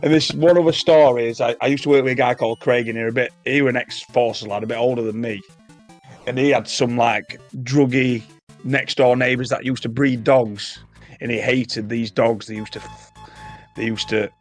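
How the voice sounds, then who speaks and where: Man co-host, mid-pitched, quick and crude in his podcast storytelling. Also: steady tone, faint music behind. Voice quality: brisk, profane, laughing storyteller. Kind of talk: casual storytelling chat.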